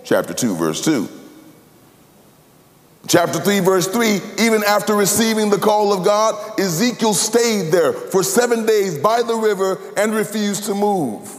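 Preacher with a long hall echo. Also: male voice, lively intonation, a little slow. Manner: preaching cadence, sweeping from loud high emphasis to low hushed tones. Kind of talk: sermon.

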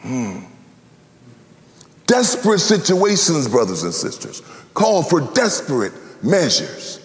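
A man's voice: huge pitch swings, takes it slowly. Sing-song preaching man in an echoey hall. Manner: sing-song preaching cadence, swings between loud cries and low murmurs. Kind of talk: sermon.

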